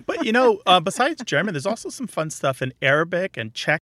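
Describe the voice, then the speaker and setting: A man's voice: high voice, sing-song, a little fast, bright, forceful tone. A man co-hosting a radio segment, playful and laughing as he shares sayings. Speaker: radio show co-host. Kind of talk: casual radio chat.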